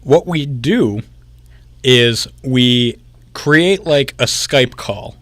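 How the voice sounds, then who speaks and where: Young male radio co-host, mid pitch, dry close studio sound, explains patiently. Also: lively intonation, drawn-out words, a bit bright, no room sound. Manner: explains things step by step. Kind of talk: casual chat. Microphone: headphones and studio microphone.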